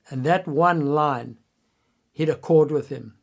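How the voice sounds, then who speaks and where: An older man telling a personal story earnestly, quoting others in his own voice and dropping low and quiet at tense moments. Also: takes it slowly, vocal fry. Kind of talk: personal anecdote.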